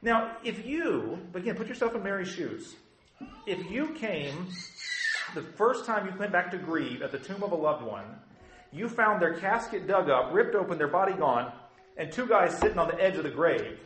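A man's voice: high voice, lively intonation, normal speed, fairly bright tone, roomy sound, a little hiss or hum, low-quality recording. A male pastor preaching a conversational sermon who acts out the quotes he tells.

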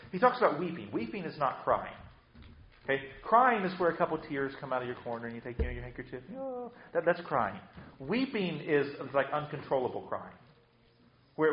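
A man's voice: on the high side, echoey room, highs cut off, a little hiss or hum. A man preaching a sermon with emphatic delivery, often repeating words as he restarts. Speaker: pastor.

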